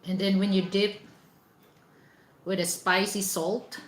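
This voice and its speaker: Woman vlogger, unhurried and chatty, in an echoey room. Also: medium pitch, little pitch movement. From Philippines. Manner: chatty, lots of fillers, laughs while eating. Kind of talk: casual chat while eating.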